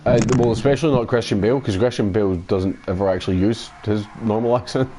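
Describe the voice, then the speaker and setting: Sweary Scottish man, low-pitched gamer chat. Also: quick pace, mellow, a little hiss or hum. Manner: rambling, sweary banter. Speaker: gaming channel host. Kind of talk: casual chat while playing a racing game.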